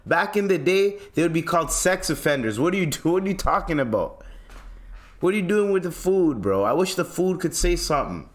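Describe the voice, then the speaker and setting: A man's voice: on the high side, lively intonation, brisk. A young man with a Toronto accent rants solo on his podcast, exasperated and profane. He mocks what he is describing and swears freely as he talks. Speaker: podcast host. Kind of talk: ranting solo podcast monologue.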